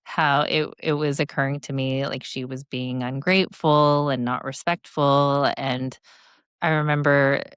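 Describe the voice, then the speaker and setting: Low-voiced, unhurried woman coaching guest. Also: little pitch movement, clear, resonant tone, no room sound, clean studio sound. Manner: reflective, storytelling, coaching tone. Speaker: guest speaker and leadership coach. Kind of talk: podcast interview.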